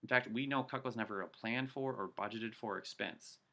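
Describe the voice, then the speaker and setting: Energetic man coaching a sales pitch. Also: moderate pace, creaky. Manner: energetic, coaching, role-plays customer pitches. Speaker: sales trainer. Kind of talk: sales training talk. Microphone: video call.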